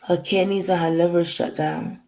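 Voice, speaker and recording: A woman's voice: on the low side, fairly even intonation, normal speed, vocal fry, darkish tone, rough recording. A woman telling a painful family story to the camera in a rambling way, acting out the dialogue and fighting back tears. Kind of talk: emotional personal storytelling.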